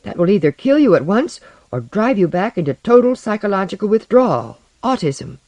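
A nervy, frightened scientist rattling off clinical words in a rapid, anxious rush, as a narrator puts them on. The reading is close and dry. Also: mid-range voice, very animated, a little mellow, no echo, highs cut off, voice pushed up, natural voice. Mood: nervous. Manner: rapid, nervous.

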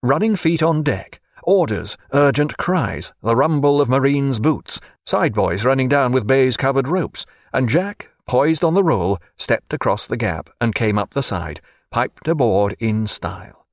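A man reading a historical sea novel aloud as narrator, with an expressive storytelling delivery. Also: medium pitch, unhurried, dry recording, clean studio sound. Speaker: audiobook narrator. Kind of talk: scripted narration.

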